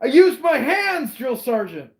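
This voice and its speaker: A man voicing an eager, nervous young male army recruit in a high, strained voice. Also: sing-song, measured pace, full character voice.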